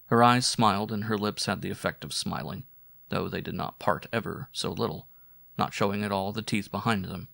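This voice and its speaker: A man narrating a weird-fiction audiobook in measured, descriptive storytelling. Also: lowish voice, vocal fry, fairly bright tone, dry recording, clean studio sound. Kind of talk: scripted narration.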